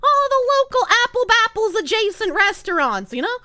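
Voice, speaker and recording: A woman's voice: extremely high pitch, a little fast, no room sound, clean studio sound. A young woman from Boston, live-streaming in casual chat and ranting with lots of swearing. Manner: animated, profane ranting.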